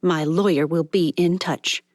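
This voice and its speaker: A woman narrator voicing a disdainful glamorous actress who talks in a slow, utterly bored drawl. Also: on the low side, steady tone, a little mellow, no room sound, studio quality, lightly acted. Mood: contemptuous.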